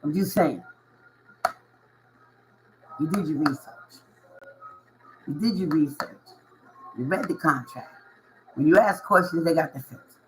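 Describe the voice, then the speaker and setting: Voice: mid-range voice, measured pace, pauses often, slight background noise, poor audio. A tarot reader giving a casual reading to viewers, slangy and reassuring, often repeating phrases and laughing. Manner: reassuring, coaching tone.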